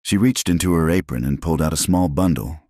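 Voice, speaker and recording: A man with an extremely deep voice narrates a western tale in a steady, scripted storybook style. The sound is close and dry, with no room around it. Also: quick pace, no echo.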